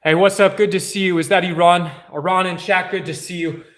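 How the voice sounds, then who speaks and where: A high-voiced man runs a live workout stream, joking and swearing between sets. He slows down to give soothing cues on grip and balance. The sound bounces around an echoey room. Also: steady tone, fairly bright tone. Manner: hyped, joking, profane coaching chatter. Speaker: fitness streamer. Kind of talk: casual live workout chat.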